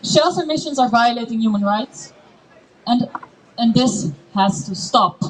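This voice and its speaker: A woman's voice: fairly high pitch, lively intonation, a little slow. A woman giving a speech at an outdoor protest, building her points through emphatic repetition. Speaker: campaign speaker. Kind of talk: rally speech. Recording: distant mic with faint noise.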